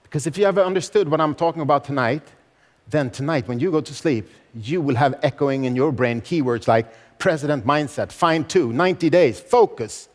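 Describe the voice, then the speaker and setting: A man's voice: on the high side, fairly quick. Emphatic man in a reverberant hall. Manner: emphatic, repeats key phrases, rhetorical questions. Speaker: motivational speaker. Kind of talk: motivational stage speech. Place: large event hall.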